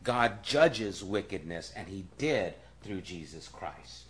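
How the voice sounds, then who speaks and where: A pastor with a deep voice and lively intonation preaches slowly and emphatically, repeating key phrases. He often drops to a hushed, almost whispered voice.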